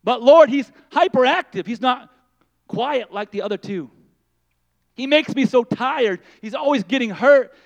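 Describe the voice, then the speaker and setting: A man's voice: extremely high pitch, lively intonation, measured pace, vocal fry, voice pushed up, exaggerated voice. A man voicing a weary, anxious mother pleading with God in a sermon story, his voice rising as he plays her.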